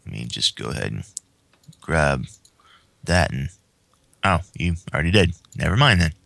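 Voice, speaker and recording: A man's voice: rumbling low, very animated, normal speed, creaky, fairly bright tone, dry recording. A man hosting a casual podcast chat, talking in a rambling, chatty way at a desk mic. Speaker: host.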